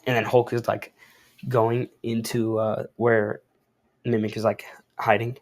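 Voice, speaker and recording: His voice sits on the low side, level in tone, and he keeps a measured pace. This young adult man casually reads through a comic and comments as he goes, using easygoing slang and hedging asides.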